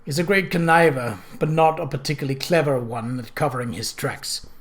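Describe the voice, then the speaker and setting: A man's voice: a little high, fairly quick, lightly acted. A man doing a blustering, scornful squire. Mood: stiff. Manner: scornful, stiff.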